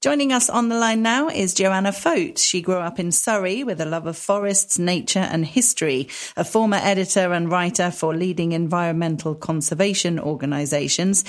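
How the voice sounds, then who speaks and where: A woman hosting a radio book show, interviewing authors and reading guest introductions. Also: fairly low pitch.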